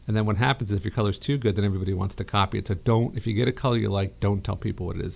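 A middle-aged man hosting a call-in home design advice show, chatty and relaxed, with many fillers and restarts. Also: on the low side, very fast, gravelly, hardly any pauses. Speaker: radio show host, interior designer.

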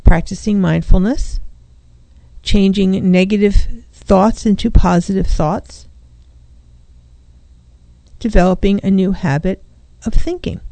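A woman therapist hosts a radio talk show from a small studio, speaking into a studio microphone with headphones. Her mid-range voice is warm and creaky, unhurried, with long pauses and no echo, as she reflects in the first person on feelings.

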